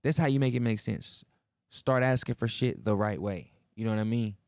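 A podcast host talks alone in a loose, profane, slang-heavy monologue, acting out the people in his stories with reenacted dialogue. His voice sits on the low side with a darkish tone and moderate pace, recorded clean in a studio with no room sound.

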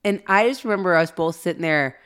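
Animated woman telling a faith story. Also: on the low side, brisk, clear, resonant tone. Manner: animated, acts out quoted reactions. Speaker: podcast co-host. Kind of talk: casual storytelling.

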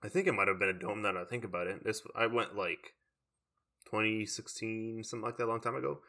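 A man's voice: fairly low pitch, steady tone, fast, bright, forceful tone. A young man chatting casually, rambling with lots of "like" fillers. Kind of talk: casual chat.

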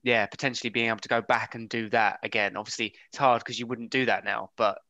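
Bright-voiced man chatting casually. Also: mid-range voice, fairly even intonation, quick pace, dry recording. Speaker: band member, podcast guest. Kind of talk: casual podcast chat.

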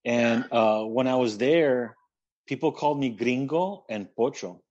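A man's voice: medium pitch, a little slow, a little mellow, muffled recording. A man from the Rio Grande Valley in Texas, chatting casually in an easygoing, thoughtful way. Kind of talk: casual conversation.

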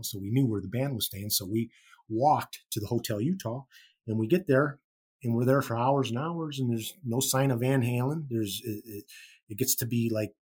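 A man from Chicago, a rock musician guest, telling an animated story full of casual swearing and restarts. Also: fairly low pitch, slightly rough. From Chicago, USA. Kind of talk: anecdotal storytelling.

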